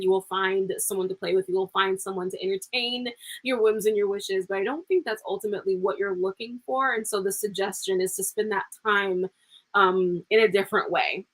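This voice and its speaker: A woman's voice: mid-range voice, a bit bright, low-quality recording. Giggly, rambling woman tarot reader. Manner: chatty, giggly, rambling, calls viewers pet names. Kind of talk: live-streamed psychic reading.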